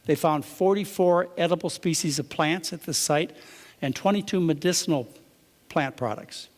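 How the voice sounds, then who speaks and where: A man's voice: fairly high pitch, moderate pace, in a large hall. A man giving a conversational lecture to a live audience, often asking them rhetorical questions.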